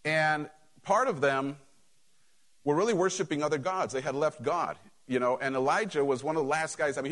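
A middle-aged male pastor preaching a sermon, telling a Bible story in a casual, sarcastic way. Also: medium pitch.

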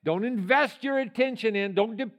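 An older male pastor preaching a sermon in a church, swinging from loud shouted passages to quiet, conversational storytelling. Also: sits high, normal speed. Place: church sanctuary.

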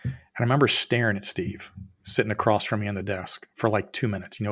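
Podcast guest, man, 50s, lowish voice, animated raconteur who acts out the dialogue. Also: fast, husky. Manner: animated storyteller who acts out both sides of quoted dialogue; swears casually, plain-spoken. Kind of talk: storytelling in a podcast interview.

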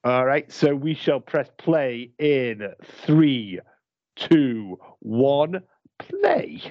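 A man's voice: medium pitch, big pitch swings, drawn-out words, no echo, highs cut off. A British man hosting a casual podcast where he watches a movie live, talking in a rambling, playful way with lots of restarts. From United Kingdom. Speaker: podcast host.

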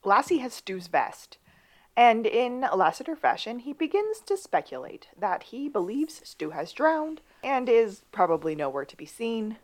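A woman co-hosting a casual podcast recap of a TV episode, moving between high excited bursts and low asides. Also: a little slow. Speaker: podcast co-host.

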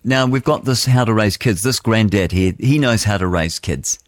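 A man's voice: on the low side, moderate pace, a little hiss or hum. A man hosting a radio show in casual talk, rambling and thinking aloud as he looks for his next clip. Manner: rambling, thinks aloud while hunting for clips. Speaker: radio host.

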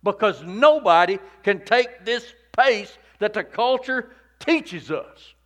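A man delivering a sermon in a high-pitched, bright and forceful voice. He preaches in a repetitive cadence. He climbs to shouted peaks and sinks to hushed near-whispers. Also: animated, slow pace. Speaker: pastor.

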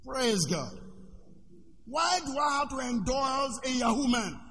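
High, bright-voiced preacher man. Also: animated, a little slow, big-room sound, slight background noise. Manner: preaching with shouts and call-and-response. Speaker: pastor. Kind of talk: sermon.

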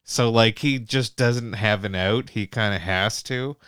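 A man's voice: fairly low pitch, a little slow, fairly bright tone, smooth, no echo, clean studio sound. A young Canadian man telling long, rambling road stories in casual chat, swearing freely and full of "like" and restarts.

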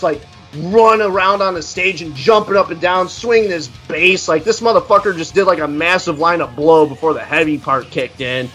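A man co-hosting a podcast, ranting bluntly and profanely as he tells animated stories. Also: high-pitched, fairly quick, few pauses, soft background music. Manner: animated storytelling. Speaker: podcast co-host reviewing an album. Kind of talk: casual podcast chat.

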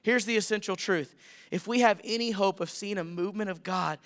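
A man's voice: high-pitched, a little fast, a bit bright. A young adult man preaching a sermon as a guest speaker, earnest and building to emphatic repeated calls.

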